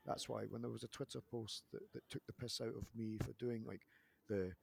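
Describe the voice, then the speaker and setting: Gravelly man telling wrestling stories. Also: on the low side, fairly quick, slight background noise. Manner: animated, rambling storytelling with restarts. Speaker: podcast host, wrestler. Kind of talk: casual podcast chat.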